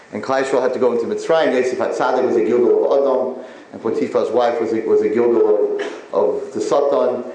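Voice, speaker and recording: A man giving an animated storytelling sermon to an audience, repeating his points for emphasis. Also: medium pitch. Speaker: religious lecturer. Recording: very echoey room, faint noise.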